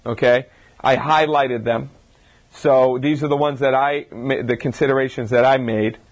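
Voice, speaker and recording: In front of a live audience, a man who is a chiropractor talks informally about health. His pitch is medium and his tone steady at a moderate pace, and he leans on rhetorical questions while restarting often.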